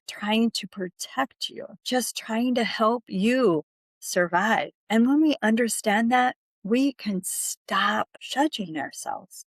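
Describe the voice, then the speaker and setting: Slow-talking woman podcast host. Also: mid-range voice, dry recording. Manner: gentle, unhurried, asks the listener questions. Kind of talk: reflective solo podcast talk.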